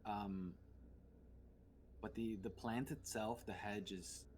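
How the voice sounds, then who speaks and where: Deep-voiced male game master, slow. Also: steady tone, darkish tone, a little hiss or hum. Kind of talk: narrating a tabletop game.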